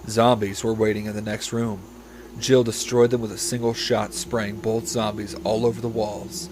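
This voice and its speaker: A male podcast host reads a story aloud in a deadpan, steady voice. He breaks off to swear and comment between sentences, and a faint ambient hum sits behind him. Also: fairly low pitch, normal speed. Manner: deadpan narration broken by swearing and asides. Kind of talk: comedic read-aloud with banter.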